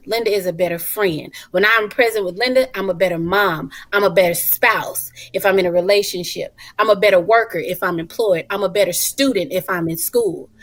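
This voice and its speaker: Brief: female talk show guest, a mom, lively and warm-hearted delivery with terms of endearment, close and dry sound. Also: medium pitch, no echo. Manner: animated and expressive, laughs often, calls listeners honey and child. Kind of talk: casual talk show conversation.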